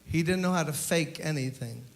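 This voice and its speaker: Slightly high-voiced pastor telling stories. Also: male voice, moderate pace, vocal fry, a little hiss or hum. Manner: animated anecdotal storyteller, acts out quotes. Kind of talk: memorial eulogy storytelling. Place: memorial service.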